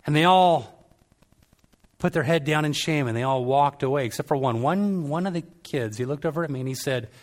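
A middle-aged man preaching a sermon, telling stories and acting out quoted voices with lively energy. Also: a little high, brisk.

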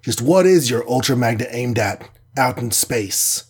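A man's voice: medium pitch, lively intonation, measured pace, breathy edge. A man doing a brash, cheerful armored hero. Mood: puzzled. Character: cocky armored male superhero.

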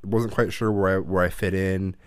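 Low-voiced man telling a rambling story. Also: moderate pace, no room sound, studio quality. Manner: rambling storytelling with frequent swearing and restarts; gets loud and animated when quoting his dad. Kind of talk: casual chat.

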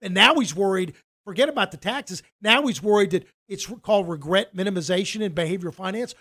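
A man's voice: high-pitched, quick pace, pushed and bright. A middle-aged man, a financial advisor, telling a story in casual conversation, rambling with many restarts and acting out quoted dialogue.

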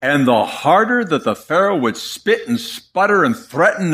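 A male preacher delivering a sermon at an unhurried pace. His pitch sits a little high and swings widely, rising into loud emphasis and dropping to hushed asides. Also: big pitch swings.

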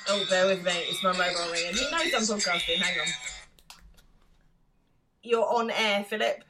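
A woman's voice: medium pitch, normal speed, music in the background. A woman co-hosting a podcast in casual chat, laughing often as she recaps an episode. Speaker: podcast co-host.

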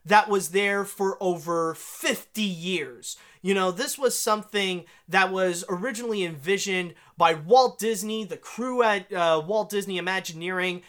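A woman hosting an animation news podcast, chatty and animated, with gushing emphasis. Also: mid-range voice, unhurried, hardly any pauses. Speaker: podcast host.

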